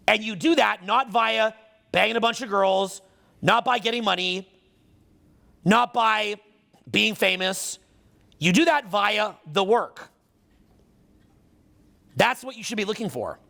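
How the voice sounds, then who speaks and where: A man's voice: high voice, gravelly, fairly bright tone. A man giving a live seminar talk as a social skills coach, swearing freely, speaking with emphasis and firing questions at the room. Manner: profane, emphatic, quizzes the audience.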